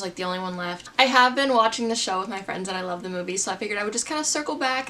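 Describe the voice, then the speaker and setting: A chatty woman in her twenties talks her way through her reading list to camera, rambling into asides and poking fun at herself. Her voice sits a touch high for a woman, with a faint hiss of noise underneath. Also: pushed and bright. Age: 20s. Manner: chatty, rambling, self-deprecating. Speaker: book vlogger. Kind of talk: casual chat.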